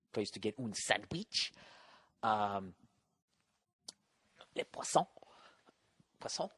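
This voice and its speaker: A man's voice: on the low side, no room sound, studio quality. A man hosting a podcast, telling a story in a casual, rambling, profane way, with a Boston accent and a self-mocking edge. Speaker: podcast host.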